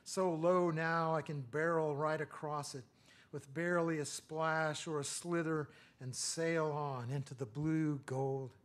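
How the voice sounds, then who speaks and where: Higher-voiced man reading his poems. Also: steady tone. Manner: hesitant, filler-heavy asides between poems; measured, rhythmic reading of poems. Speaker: poet giving a lecture. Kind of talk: poetry reading with spoken asides.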